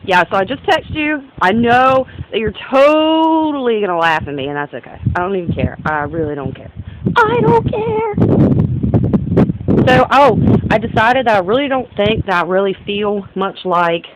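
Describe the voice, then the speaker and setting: A woman's voice: mid-range voice, lively intonation, fairly quick, hardly any pauses, very noisy. A young woman from the northern United States talking in a rambling, casual vlog monologue, often jumping between topics and interrupting herself. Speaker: vlogger.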